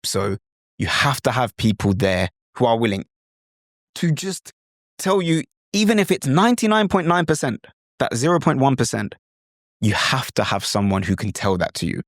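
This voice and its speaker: A British man hosting an instructional podcast, talking in a lively, demonstrative way and sometimes slipping into mimicked accents. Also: medium pitch, moderate pace, dry recording, clean studio sound. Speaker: podcast host.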